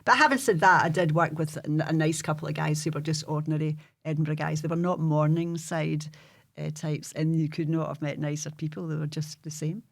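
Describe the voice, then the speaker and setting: A Glaswegian man in casual podcast chat, making quick asides. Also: on the high side, steady tone, creaky. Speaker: podcast co-host.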